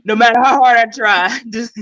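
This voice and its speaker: A woman's voice: fairly high pitch, normal speed, fairly bright tone, highs cut off. A woman stand-up comedian, rambling and giggling through her set. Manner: rambling, giggly, jokes with voices.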